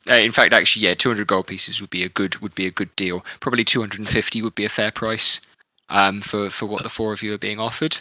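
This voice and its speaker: A man running a tabletop game, his voice very bright and dry as if close to the mic. He narrates loosely, with plenty of fillers. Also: lowish voice, little pitch movement, fast, dry recording, rough recording. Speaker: game master.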